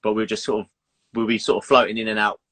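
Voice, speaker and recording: A man's voice: fairly low pitch, flat delivery, fast, bright, forceful tone. A man hosting a casual live-stream interview, asking loose, rambling questions. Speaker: podcast host.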